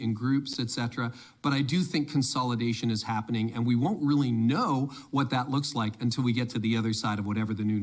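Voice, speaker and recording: A man speaking on church leadership at a conference, emphatic and energetic, often quoting imagined voices in his talk. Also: medium pitch.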